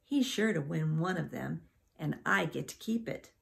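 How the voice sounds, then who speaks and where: A woman voicing a loud, eager young boy in a storybook, excited and boastful. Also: sits low, normal speed, creaky, exaggerated voice.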